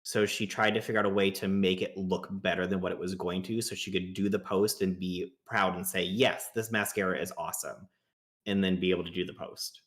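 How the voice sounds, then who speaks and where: A man appearing as a guest commentator on a live stream, explaining in an animated, emphatic way. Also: sits low, a little fast, hardly any pauses. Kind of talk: casual commentary chat.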